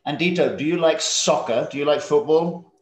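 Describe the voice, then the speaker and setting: Speaking at a normal speed in a slightly high voice, this Englishman in his fifties has a London accent. He runs an online English class for school students by video call, friendly and joking, coaxing answers out of them with questions, in an echoey room.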